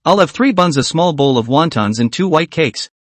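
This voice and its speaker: A man's voice: on the high side, expressive, moderate pace, no room sound. A man narrating a story in a scripted reading, voicing all the figures himself.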